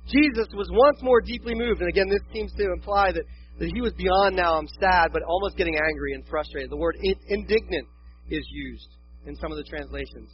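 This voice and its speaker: A man preaching a sermon as a pastor, animated and acting out quoted voices. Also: sits high, a little fast, lo-fi sound, slight background noise.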